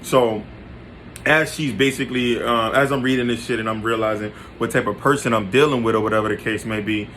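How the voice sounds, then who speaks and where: A man's voice: medium pitch, fairly even intonation, a little fast, fairly bright tone, a little hiss or hum. A man telling a confessional personal story to his listeners, in casual, slang-heavy talk full of restarts and direct asides. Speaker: podcast storyteller.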